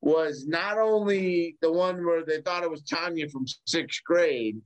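A man's voice: a little high, measured pace, dull audio. A man co-hosting a podcast, making laid-back remarks about the episode in casual chat. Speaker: podcast co-host.

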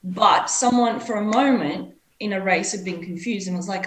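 A woman's voice: on the low side, fairly quick, roomy sound, slight background noise, rough recording. A woman co-hosting a cycling podcast, a former pro rider chatting and telling stories from racing. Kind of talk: casual podcast chat.

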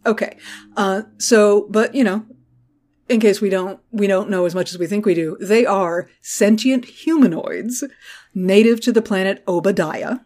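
A woman co-hosts a podcast in a loose, chatty recap. She is animated and sarcastic and swears freely, in a voice of medium pitch. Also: normal speed. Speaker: podcast co-host. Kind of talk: casual recap chat.

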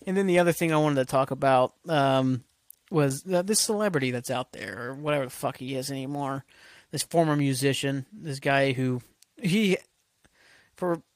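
A man's voice: medium pitch, no echo. A man hosting a solo podcast, ranting casually with constant swearing and rambling asides. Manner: profane, rambling, heated. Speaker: podcast host.

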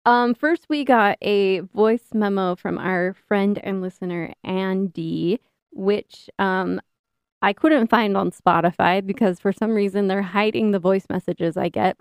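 A woman's voice: mid-range voice, a little slow, clear, resonant tone, dry recording. Woman host with a slight lisp. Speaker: podcast co-host. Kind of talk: casual chat.

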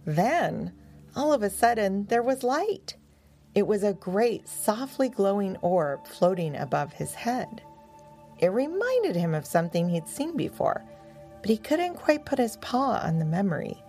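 Slow, gravelly woman storyteller. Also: mid-range voice, big pitch swings, mellow, faint music behind. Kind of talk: children's storybook narration.

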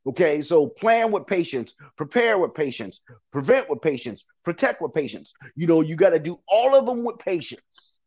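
A man's voice: on the high side, big pitch swings, moderate pace, darkish tone, muffled recording. A man giving motivational advice as an interview guest, earnest and repetitive, preaching with frequent laughs.

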